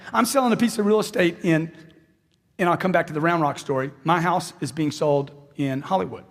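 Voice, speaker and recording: A man giving a motivational speech to a live audience, talking emphatically, repeating lines for effect and acting out conversations. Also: fairly high pitch. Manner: animated, repeats lines for emphasis and acts out dialogues. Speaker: motivational speaker. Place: large hall with live audience. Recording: long hall reverb from a stage.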